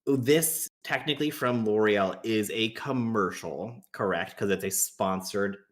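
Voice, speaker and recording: A man's voice: on the low side, unhurried. A man joining a livestream as a guest, building his argument step by step with fillers. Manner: reasoning step by step, hedging with fillers. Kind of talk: casual panel chat.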